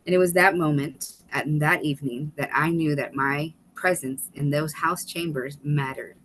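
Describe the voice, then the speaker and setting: A woman guest on a video call webinar, telling an animated story with quick asides and laughter. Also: low-pitched, slight background noise, low-quality recording. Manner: animated, fast-paced storytelling with laughs and restarts. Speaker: guest, author and former state legislator.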